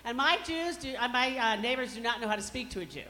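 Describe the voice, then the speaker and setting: Slightly high and animated, her voice comes fast, pushed and bright. This stand-up comic, a fifty-something from Colorado, delivers brash jokes at her own expense into a stage mic, with the hall's reverb and faint noise audible.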